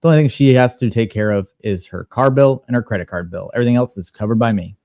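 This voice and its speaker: A man on a podcast panel telling a personal story in a casual, animated and profane way. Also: mid-range voice, fast, dry recording, studio quality.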